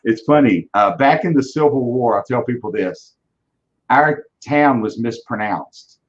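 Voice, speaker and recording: A man's voice: mid-range voice, animated, unhurried. Earnest male business guest, repeats himself, muffled lo-fi audio. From Virginia, US. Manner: earnest, repeats words when starting thoughts. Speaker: car dealership leader, guest. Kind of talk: casual interview talk. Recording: dull lo-fi audio.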